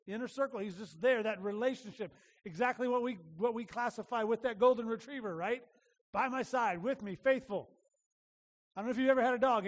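A male pastor giving a conversational sermon, animated, acting out little voices and asking the room questions. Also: high voice, big-room sound.

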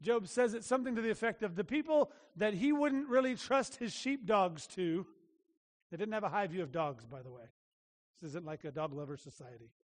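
A man's voice: sits high, animated, brisk. A man preaching a sermon as a pastor, earnest and emphatic, often restarting his phrases. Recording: long reverb of a large hall.

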